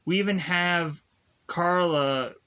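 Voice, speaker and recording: A man's voice: high-pitched, slow pace, sharp tone, clear, resonant tone, dull audio. A man reviewing a film, retelling its plot casually in a rambling way, full of "like" and loose phrasing. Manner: rambling, filler-heavy retelling with many "like" and "is to go on". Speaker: movie reviewer. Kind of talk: casual spoken plot recap.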